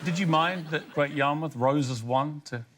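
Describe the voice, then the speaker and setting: A man's voice: on the high side, normal speed, a bit bright, slight background noise. A man hosting a TV interview, putting pointed, probing questions to his guest in a studio. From England. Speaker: interviewer host. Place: television studio.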